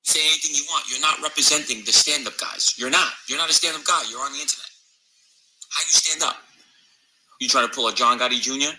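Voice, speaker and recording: A man's voice: medium pitch, quick pace, pushed and bright, a little hiss or hum, low-quality recording. A man in a played-back clip, scolding and confronting someone directly.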